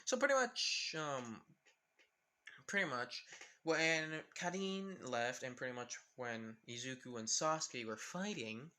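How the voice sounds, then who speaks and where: A male storyteller casually retelling a fan-made story, rambling along and leaning on the same filler phrases. His voice is lively in pitch and bright in tone. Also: slow pace.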